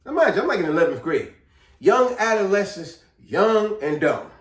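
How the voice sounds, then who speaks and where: Animated man telling a story. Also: high-pitched, moderate pace. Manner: animated, slangy, repeats himself. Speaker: vlogger. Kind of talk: casual storytelling. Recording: echoey room, distant mic.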